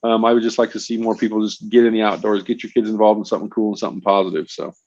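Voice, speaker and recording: A man's voice: on the low side, very fast, no room sound. A middle-aged man, a fishing industry guest, telling stories in a casual podcast interview and often calling the host "bro" and "man.". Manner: animated storyteller, frequent "bro" and "man". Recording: dull lo-fi, dry sound.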